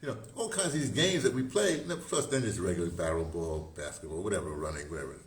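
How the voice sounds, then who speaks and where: A man's voice: low voice, fast talker. A man talking casually to camera, rambling and chuckling at his own jokes. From United States. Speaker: vlogger. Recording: roomy echo with faint noise.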